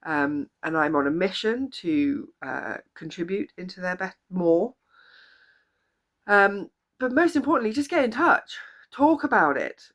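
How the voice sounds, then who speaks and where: A woman's voice: fairly low pitch, animated, a little slow, fairly bright tone. Earnest woman coach, encouraging and repetitive. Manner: earnest, encouraging, repeats phrases for emphasis. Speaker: life coach. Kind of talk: motivational talk to camera. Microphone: camera or phone video.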